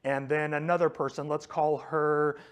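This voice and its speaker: A man's voice: on the high side, flat delivery, moderate pace, smooth. A man giving a conversational faith teaching, telling a story with frequent fillers and restarts.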